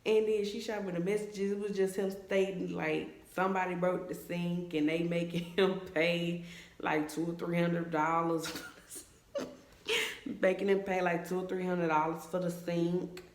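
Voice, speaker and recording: A woman's voice: fairly low pitch, unhurried. Chatty woman telling a story in an echoey room. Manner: chatty and animated, voices her friends' lines in quotes. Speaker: vlogger. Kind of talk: casual storytime vlog. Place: at home in a room, taking her hair down on camera.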